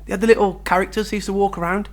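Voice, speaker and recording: A man's voice: sits high, little pitch movement, rapid-fire. A man chatting as a guest on a radio show, easygoing and laughing often. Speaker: interview guest. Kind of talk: casual radio chat.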